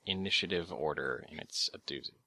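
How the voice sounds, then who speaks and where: Low, deep-ish male game master, lots of ums, dead dry sound, laid back. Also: brisk, no echo. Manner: relaxed, hesitant with many ums. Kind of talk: running a tabletop game over voice chat.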